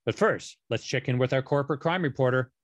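A man co-hosting a radio show, announcing segments smoothly. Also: mid-range voice, fast, dry recording, highs cut off. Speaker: radio co-host.

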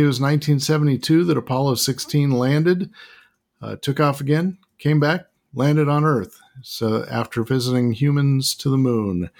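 A man chatting on a radio show as its regular science guest, enthusiastic and playful. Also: medium pitch. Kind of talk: casual radio chat.

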